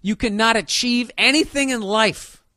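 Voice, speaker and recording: A male comedian with an extremely high-pitched, bright, forceful voice launches into a profane, sarcastic rant in a casual monologue style at a moderate pace. The recording is studio quality with no room sound, and he swears heavily throughout.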